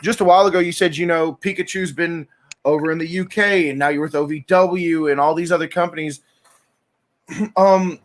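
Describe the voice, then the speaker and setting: A man's voice: fairly high pitch, a bit bright. A man hosting an interview, asking questions in a laid-back, slangy way. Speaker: interviewer, host. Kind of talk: casual interview.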